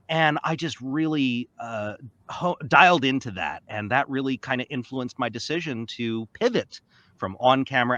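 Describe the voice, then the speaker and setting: A man in his forties, a voice actor guest, telling stories in a casual interview with an excitable, animated manner. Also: mid-range voice, no echo. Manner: animated, excitable, often slips into playful character voices.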